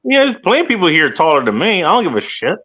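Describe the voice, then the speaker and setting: A man's voice: high-pitched, huge pitch swings, fast, sharp tone, lo-fi sound. A man hosting a casual online chat, blunt and swearing, calling out his guests by name over a video call. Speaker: host.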